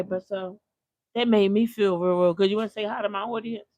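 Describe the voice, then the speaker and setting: A woman's voice: medium pitch, fairly even intonation, brisk, darkish tone, no room sound. An older woman hosting a casual livestream from her home kitchen, a chatty, slangy storyteller who laughs often. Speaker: livestream host. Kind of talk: casual live-stream chat while cooking.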